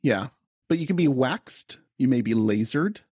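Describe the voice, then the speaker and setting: A man's voice: medium pitch, lively intonation, a little slow, darkish tone, slightly rough, no echo, studio quality. A man co-hosting a comedy podcast, playfully teasing and riffing on silly hypotheticals. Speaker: podcast co-host. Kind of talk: casual comedic chat.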